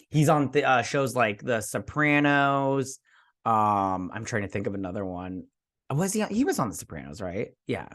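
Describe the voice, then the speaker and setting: Man, casual episode recap, rambling, chatty, halting restarts. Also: mid-range voice, pushed and bright. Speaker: show recap vlogger.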